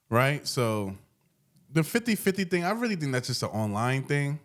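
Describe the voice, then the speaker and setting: A man's voice: mid-range voice, normal speed. A man co-hosting a podcast in a casual, conversational way, telling stories and using slang. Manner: relaxed conversational, storytelling with slang. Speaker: podcast co-host. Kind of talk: casual chat.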